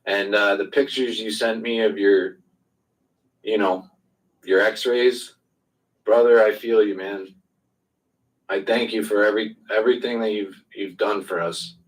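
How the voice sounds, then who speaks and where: A man in an online voice chat, calmly consoling and reassuring another participant. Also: fairly low pitch, measured pace, pauses often, distant mic, rough recording. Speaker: Twitter space participant. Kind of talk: group voice chat.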